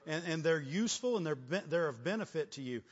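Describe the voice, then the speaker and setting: A man's voice: fairly high pitch, expressive, fast talker, breathy edge. A man preaching a sermon as pastor, punctuating his points with "right?" and "amen?", often stammering and laughing. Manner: repetitive call-and-response, frequent "right?" and "amen?". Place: church hall. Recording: long church reverb, dull lo-fi sound.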